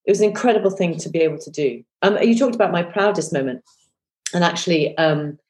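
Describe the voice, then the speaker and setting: A woman's voice: on the low side, fast talker, a little mellow. A woman in her fifties, a former breakfast TV presenter, chatting as a podcast guest with lots of fillers and restarts. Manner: chatty, self-deprecating, many fillers and restarts. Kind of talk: casual interview chat.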